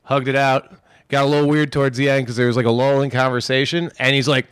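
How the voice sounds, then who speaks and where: A man co-hosting a podcast, telling a profane, animated story with quick impressions of others. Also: medium pitch, clear, resonant tone, no room sound, studio quality. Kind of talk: casual storytelling chat.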